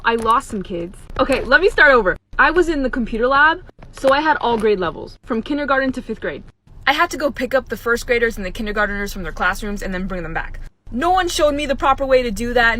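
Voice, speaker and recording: Young woman, high voice, lively storyteller acting out the people she quotes. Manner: animated, acting out what people said. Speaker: substitute teacher. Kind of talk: casual storytime.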